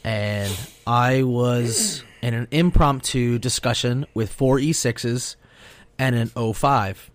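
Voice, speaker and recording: A man co-hosting a podcast, telling stories in a casual, profane, animated way and acting out what other people said. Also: medium pitch, slow, dry recording. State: sleep-deprived. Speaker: podcast co-host. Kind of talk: casual storytelling chat.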